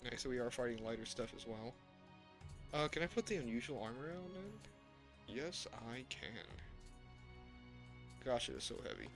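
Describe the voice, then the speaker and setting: A man's voice: mid-range voice, very animated, normal speed, long pauses, music in the background. A man streaming a video game, chatting casually about the menus and story, often stopping to correct himself and chuckling to himself. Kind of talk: casual gameplay commentary.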